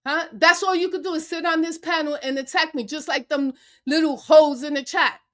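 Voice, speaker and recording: A woman's voice: high-pitched, steady tone, fairly quick. A woman guest on a live-stream panel, angrily ranting at her critics with cursing and repeated taunting challenges. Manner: angry, confrontational, cursing. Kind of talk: heated live-stream rant. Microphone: remote call into a live stream.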